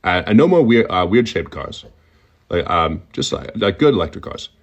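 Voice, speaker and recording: A middle-aged tech-mogul type, as a comedian puts him on, trips over his words, repeating them in bursts of stutter before a sentence comes out clean. His S's hiss and whistle from the front of the mouth, and the voice sits a touch low. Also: big pitch swings, moderate pace, gravelly, dull audio, full character voice. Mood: earnest. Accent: sibilant front-of-mouth accent, slightly whistling S. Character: halting stammering tech-mogul man, awkward and rambling. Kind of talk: comic impression.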